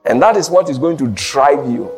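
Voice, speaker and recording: A man preaching a sermon, mixing Twi and English, swinging from shouted peaks to low, quiet lines. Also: expressive, normal speed, music in the background. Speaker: pastor.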